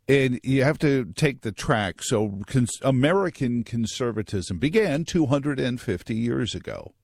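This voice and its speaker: A man's voice: mid-range voice, expressive, unhurried, gravelly, darkish tone. A man hosting a talk radio show, delivering a wry, joking, digressive monologue into a studio microphone.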